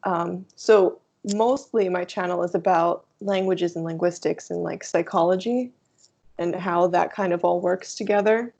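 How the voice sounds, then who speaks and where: Young woman guest, native Russian speaker, gravelly fry, casual and chatty. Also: on the low side, steady tone, a little slow, a little mellow. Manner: chatty, laughs often, many "like" fillers. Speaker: guest, language YouTuber. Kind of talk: casual video chat interview.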